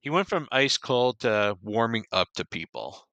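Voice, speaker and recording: A man's voice: mid-range voice, very animated, measured pace, sharp tone, dry recording, highs cut off. A man hosting a casual podcast discussion, recapping loosely with lots of fillers and restarts. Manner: rambling recap with frequent fillers. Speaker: podcast host.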